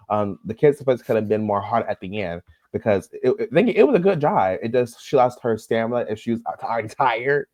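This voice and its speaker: A man co-hosting a casual podcast, earnest and gushing, often halting and restarting his sentences. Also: lowish voice, a little mellow, no echo. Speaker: podcast co-host. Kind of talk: casual chat.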